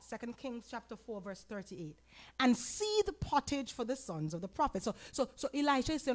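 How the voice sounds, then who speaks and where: Woman pastor, Caribbean accent, Bible teaching, animated, questions the congregation, slightly high voice. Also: brisk. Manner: animated, asks the audience questions, acts out quotes. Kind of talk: sermon-style Bible teaching.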